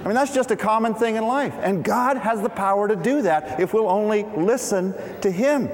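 Middle-aged male pastor, high-pitched, conversational sermon, long hall reverb. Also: normal speed. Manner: conversational, leading congregation in reading.

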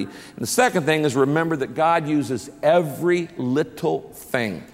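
A man's voice: on the high side, normal speed, few pauses, long reverb tail. A man preaching a sermon as a pastor, telling stories with humor and building to emphatic preaching.

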